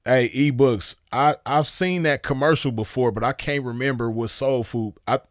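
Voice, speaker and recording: A man in his forties, hosting a show, speaks in a mid-range voice at a moderate pace. His casual chat with viewers is full of rambling, slangy stories and easy laughter, delivered in a laid-back way. The recording is dry, with clean studio sound.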